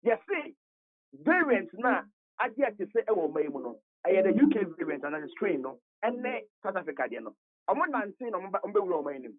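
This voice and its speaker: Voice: mid-range voice, very animated, brisk. Passionate Ghanaian commentator over a phone line. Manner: passionate, rhetorical questions, repeats words. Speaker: radio commentator. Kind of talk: heated radio talk show commentary.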